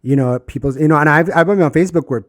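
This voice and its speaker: A man co-hosting a podcast, chatting casually and telling animated stories, sometimes mimicking people in a much higher voice. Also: racing, no echo, clean studio sound. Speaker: podcast co-host. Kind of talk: casual chat.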